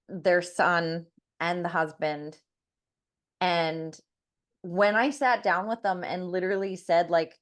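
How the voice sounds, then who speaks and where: A woman podcast co-host and life coach, telling a client story in casual chat and acting out what each person said. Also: on the low side. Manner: animated storytelling, acting out quoted people.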